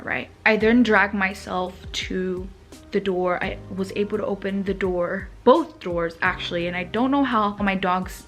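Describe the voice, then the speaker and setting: A woman's voice: medium pitch, steady tone, moderate pace, fairly bright tone, faint music behind. A young woman vlogging from the floor of her home, retelling a frightening experience with many fillers. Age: young adult. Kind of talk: storytime vlog.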